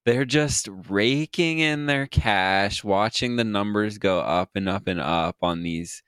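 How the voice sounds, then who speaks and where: A man co-hosting a podcast, talking in a slow, scornful, swearing way in casual political banter. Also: on the low side, a bit bright, clean tone, no echo, studio quality. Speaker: podcast co-host.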